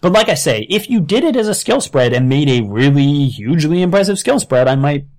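A man's voice: a little high, sing-song, a little fast, darkish tone. A man running a tabletop game as game master, explaining rulings and weighing options aloud.

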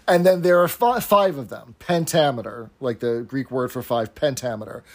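A man's voice: mid-range voice, moderate pace. A man co-hosting a casual chat, explaining things patiently with frequent fillers and easy laughter. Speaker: podcast co-host.

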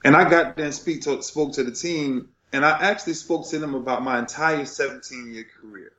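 A man's voice: mid-range voice, fairly quick, bright, forceful tone, roomy sound, lo-fi sound. A middle-aged man, a retired football player, telling an emotional story in a passionate, preacher-like rhythm.

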